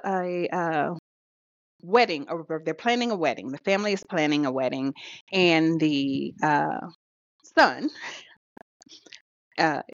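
This woman, a podcast co-host, keeps things chatty and casual, laughing often and using hesitant fillers. Her voice sits on the low side, and the recording is dry, dull and lo-fi.

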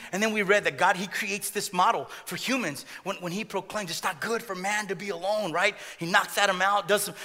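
A man's voice: sits high, sharp tone, long reverb tail. A man preaching a sermon in a joking way, often repeating words and laughing at his own jokes. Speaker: pastor.

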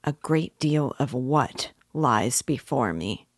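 A woman's voice: very deep voice, animated, slow, no echo, studio quality, full character voice. A woman reading the lines of a bitter young man, scornful and weary in manner. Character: bitter young male former student, contemptuous.

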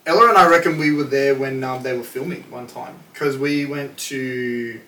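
A man's voice: mid-range voice, bright, forceful tone. A man, co-hosting a podcast in casual, sweary chat. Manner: chatty, swears, quick interjections. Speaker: podcast co-host. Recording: echoey room, distant mic, faint noise.

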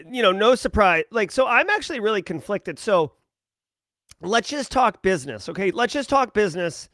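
A man's voice: high-pitched, fairly bright tone, no room sound, studio quality. A man hosting a tech news show, ranting emphatically and sarcastically about a data breach and business decisions.

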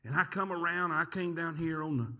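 Animated bright-voiced male pastor preaching. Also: fairly high pitch, fast talker. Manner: animated, folksy, talks to the congregation. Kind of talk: sermon with storytelling. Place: church sanctuary.

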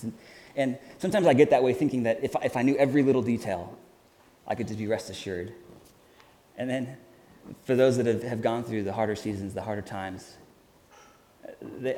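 A man's voice: medium pitch, warm tone, slight background noise. Man preaching in a reverberant hall. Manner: earnest, halting with frequent restarts. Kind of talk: sermon. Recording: hall reverb with faint ambience.

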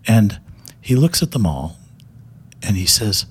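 A man's voice: lowish voice, big pitch swings, a little slow, long pauses, slight background noise. An older man, a television director, telling stories as a guest in a loose, rambling way with many fillers. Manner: rambling, many fillers and restarts, laughs often. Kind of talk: casual anecdote telling.

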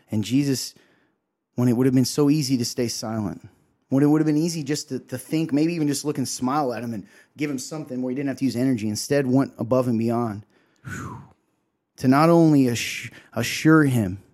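The speaker, a man co-hosting a show, presents a devotional as an emotional, sermon-style talk. He acts out quotes earnestly and frequently asks "right?", in a mid-range voice with a darkish tone.

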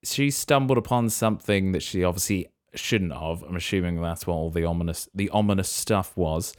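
A man's voice: sits low, normal speed, darkish tone. A man hosting a casual podcast chat about a film, joking with playful asides. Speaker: podcast host.

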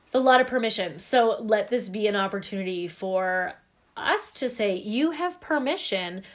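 Candid and emphatic, this female podcast co-host chats in a relaxed way and swears casually now and then. She speaks at a moderate pace in a medium-pitched voice.

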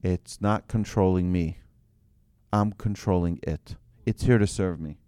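A man giving an animated religious lesson to a group, asking rhetorical questions and telling anecdotes. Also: low voice, unhurried, smooth, no room sound, clean studio sound.

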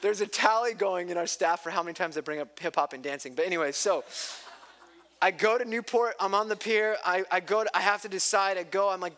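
Male pastor in his thirties, high-pitched, preaches with passion and loose, chatty asides. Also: a little fast, a bit bright. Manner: impassioned, rising to emphatic peaks, chatty asides. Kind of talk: sermon. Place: church.

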